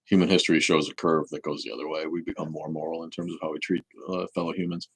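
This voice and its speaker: A man's voice: a bass voice, level tone, fast, husky, no room sound, low-quality recording. A man hosting a casual livestream Q&A who rambles, restarts his sentences and swears freely. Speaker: host.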